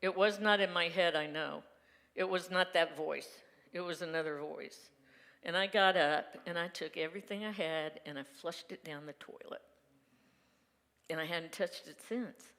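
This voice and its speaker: A woman's voice: lowish voice, moderate pace, fairly bright tone. A woman minister giving a candid, conversational Sunday sermon from her own life, laughing often. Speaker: reverend giving a Sunday message. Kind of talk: personal testimony sermon. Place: church sanctuary. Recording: reverberant sanctuary hall.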